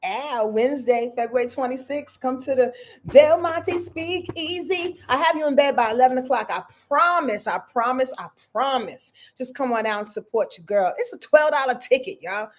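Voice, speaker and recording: A woman's voice: on the high side, expressive, a little fast, few pauses. Emphatic preachy woman astrologer. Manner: emphatic and preachy, repeats phrases for effect; talks straight to viewers with "y'all", affectionate. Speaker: astrologer and show host. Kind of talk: live-streamed weekly astrology forecast.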